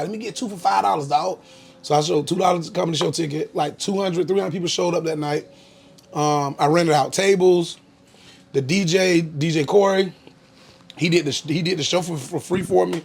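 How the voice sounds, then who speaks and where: A man's voice: on the high side, a little mellow, breathy edge. A young man from Florida, a comedian telling stories in a casual interview, laid-back with lots of "um" fillers. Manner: laid-back storytelling, frequent "um" fillers, bursts of laughter. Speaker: comedian guest.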